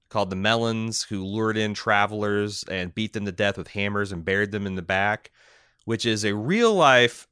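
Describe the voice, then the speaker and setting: Male podcast co-host, smooth, crisp voice, casual and halting delivery. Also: on the low side, pushed and bright, no echo, studio quality. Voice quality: halting, many fillers and restarts. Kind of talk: casual podcast chat, reading listener mail.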